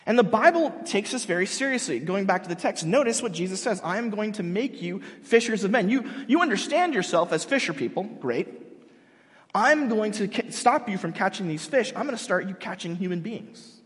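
A man preaching a sermon in an animated way, acting out quotes, with frequent restarts. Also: high-pitched, brisk, big-room sound. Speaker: pastor.

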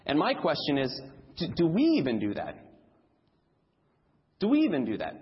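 A man's voice: on the high side, huge pitch swings, moderate pace, long reverb tail, lo-fi sound. A man preaching a sermon in a church, emphatic and repeating key phrases for stress.

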